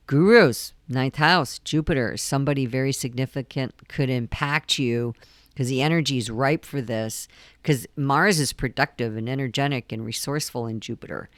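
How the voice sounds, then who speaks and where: A woman's voice: rumbling low, moderate pace, dry recording. A woman astrologer talking through a full moon forecast in a casual, earnest way, often repeating her key points between ums.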